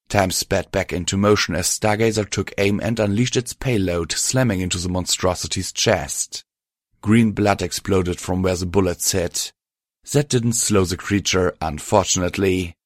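A man narrating a story aloud in a steady, even storytelling manner. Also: low-pitched, no room sound, studio quality. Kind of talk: scripted audiobook narration.

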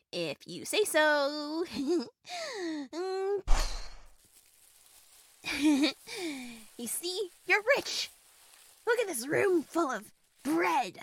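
A woman's voice: sits high, a bit bright, dry recording, studio quality, heavily acted. A young woman voicing a small, chatty female fairy who grants wishes, giggling, rambling and stammering through many fillers in an audio role-play.

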